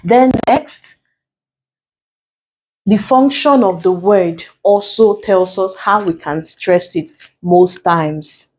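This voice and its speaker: A woman with a Nigerian English accent tutoring an exam-prep lesson, slow and deliberate, repeating key points as she writes on a board. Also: mid-range voice, a little mellow, slight background noise, poor audio.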